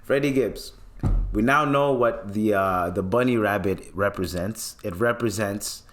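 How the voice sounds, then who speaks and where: A man's voice: lowish voice, unhurried. A young man from Canada hosting a casual podcast monologue, joking and swearing freely. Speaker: podcast host.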